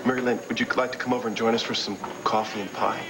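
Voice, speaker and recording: An actor as an easygoing young guy in an old TV soap, teasing in a medium-pitched voice. Heavy hiss from an aged broadcast recording covers the scene. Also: level tone, very fast, lightly acted. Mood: playful. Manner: playful, joking. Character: joking, easygoing young man. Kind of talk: 1980s TV soap opera acting.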